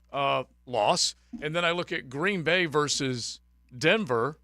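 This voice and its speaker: A man's voice: a little high, measured pace, pushed and bright, dry recording, clean studio sound. A man hosting a sports radio show, rambling through his betting losses with self-mocking humor. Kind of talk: casual sports radio banter. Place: radio studio. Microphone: studio microphone.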